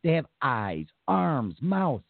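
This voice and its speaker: A man's voice: mid-range voice, very animated, takes it slowly, gravelly, dry recording. Guy hosting a radio show, laughs a lot, mocking tone, bouncy voice, dry tinny sound. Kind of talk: casual chat.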